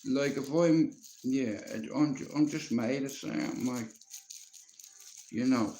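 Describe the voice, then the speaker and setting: A man's voice: medium pitch, takes it slowly, warm tone, slight background noise. A Dublin man in his fifties telling stories casually on a live stream, rambling and swearing with plenty of "you know". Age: 50s. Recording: roomy echo.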